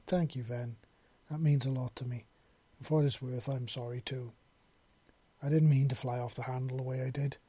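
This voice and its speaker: A wounded young man speaks quietly and softly as a male narrator puts him on. The voice is husky and mellow. The sound is close and dry. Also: mid-range voice, level tone, normal speed, no room sound, lightly acted. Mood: soft, regretful. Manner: quiet, soft, regretful. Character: young human man, soft-spoken and wounded.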